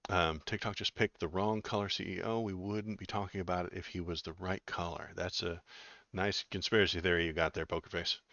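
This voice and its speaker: A man's voice: sits low, fairly even intonation, fairly quick, pushed and bright, dry recording, highs cut off. A man hosting a casual political live stream, reading news aloud and chatting with his viewers. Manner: chatty, reads news aloud and reacts to chat.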